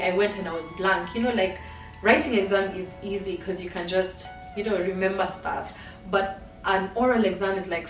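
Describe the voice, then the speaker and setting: A woman's voice: medium pitch, far from the mic. A young adult woman telling a personal story to camera in a candid, chatty way, with many fillers. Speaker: vlogger. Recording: roomy sound from off-mic, faint music.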